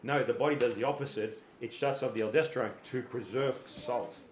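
A man's voice: medium pitch, fairly quick, slight background noise. Man explaining with homespun analogies. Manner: explains with homely analogies and acted-out quotes; repeats words while thinking. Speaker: fitness coach. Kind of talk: podcast conversation explaining. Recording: roomy echoey room.

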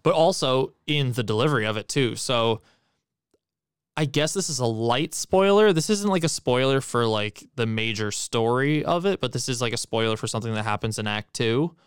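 A man's voice: medium pitch, lively intonation, moderate pace, smooth, dry recording, clean studio sound. A man co-hosting a podcast, giving a blunt, profane, emphatic movie critique in casual chat. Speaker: podcast co-host.

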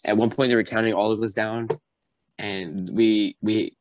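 A man's voice: fairly low pitch, moderate pace, a little hiss or hum. A young man, a podcast guest, telling stories animatedly in casual chat and acting out the people in them. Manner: animated, acts out drill instructors. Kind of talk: casual storytelling.

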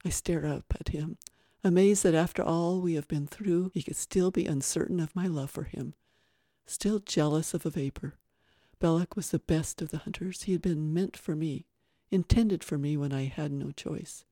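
A man reading a first-person story excerpt aloud in a gentle, expressive way, as co-host of a story podcast. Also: fairly high pitch, normal speed, no echo, studio quality.

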